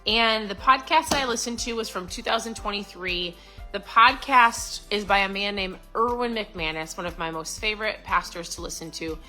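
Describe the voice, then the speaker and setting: Woman, middle-aged, casual motivational vlog, chatty, upbeat, clear bright tone. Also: medium pitch, moderate pace, faint music behind, rough recording. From Florida. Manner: chatty, upbeat, lots of "like" and restarts. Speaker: vlogger. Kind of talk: casual motivational talk to camera.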